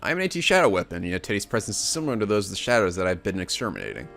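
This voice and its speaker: A man hosting a let's play, reading the game's text aloud with animated, laughing asides. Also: fairly low pitch, racing, gravelly, soft background music.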